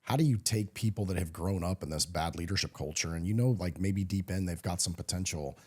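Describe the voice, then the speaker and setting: A man's voice: low voice, fairly quick, breathy edge. A man hosting a podcast, asking long, searching questions full of fillers. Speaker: podcast host. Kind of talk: casual interview questions.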